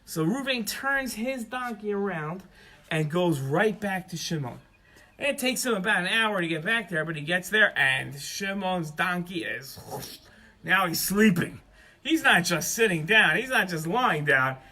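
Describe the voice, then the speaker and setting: Kids' storyteller, a man with a bright, high, expressive voice. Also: unhurried. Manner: animated, expressive. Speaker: children's storyteller. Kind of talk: children's story narration.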